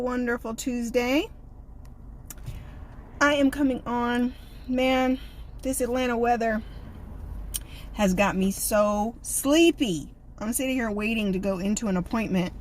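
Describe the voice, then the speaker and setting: A woman's voice: a little high, a little hiss or hum. A woman life coach hosting a live stream, giving a folksy, sassy motivational talk with preacher-like repetition and greeting her viewers by name.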